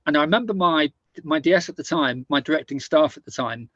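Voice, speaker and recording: Middle-aged guy from the uk telling stories, kinda high voice, trips over his words a lot, dry dull sound. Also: a bit bright, no room sound. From United Kingdom. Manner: halting, repeats and restarts words while telling anecdotes. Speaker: guest, author and former army officer. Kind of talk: casual conversational storytelling.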